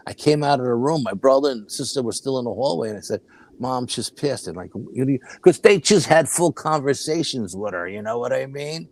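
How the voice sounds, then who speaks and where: An older man, a guest, telling a personal story in a casual, animated way, often acting out other people's words. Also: mid-range voice, a little fast. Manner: animated, acts out quoted voices, frequent laughs.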